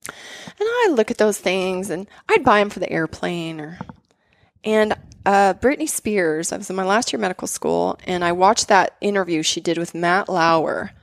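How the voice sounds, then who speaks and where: Woman, doctor guest, animated talker, dry close-mic podcast sound. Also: lowish voice, moderate pace, dry recording. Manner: animated storyteller, many "like" fillers. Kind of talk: casual chat.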